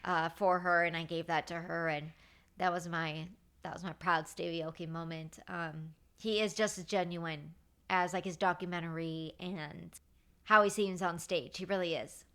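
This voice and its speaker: A woman in her thirties hosts a podcast, casually recounting work stories with plenty of fillers and quoted dialogue she acts out with animation. Her voice is lowish and smooth, at a moderate pace.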